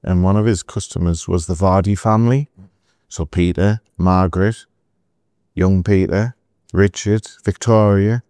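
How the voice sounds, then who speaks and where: Smooth-voiced storyteller. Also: male voice, low voice, no echo, studio quality. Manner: animated anecdotal storyteller, asides to the host. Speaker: entrepreneur guest. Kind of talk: storytelling podcast interview.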